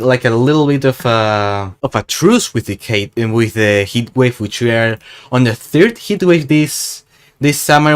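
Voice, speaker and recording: A young man from Spain, chatting casually in a travel vlog in a rambling, self-mocking, jokey way. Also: mid-range voice. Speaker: gaming YouTuber.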